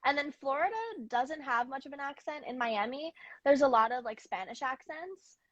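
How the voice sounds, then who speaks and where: A woman's voice: high voice, normal speed, no room sound. Woman, Mid-Atlantic American accent, interview guest, chatty, dry lo-fi recording. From New York and Pennsylvania. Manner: chatty, laughs often. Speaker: music artist guest. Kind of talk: casual interview chat. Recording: dull lo-fi dry sound.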